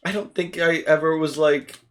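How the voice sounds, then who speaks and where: A man's voice: fairly high pitch, steady tone, moderate pace. A young man co-hosting a podcast, chatting casually and acting out silly voices in his stories. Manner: jokey, acts out silly voices in anecdotes. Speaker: podcast co-host. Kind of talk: casual chat.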